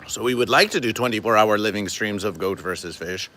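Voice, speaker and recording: A man hosting a comedic livestream, talking to his chat in a deadpan, stilted, formal way and calling himself by his show's name. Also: lowish voice, brisk, a little hiss or hum. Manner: deadpan, stilted formal phrasing, refers to himself in third person. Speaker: livestream host.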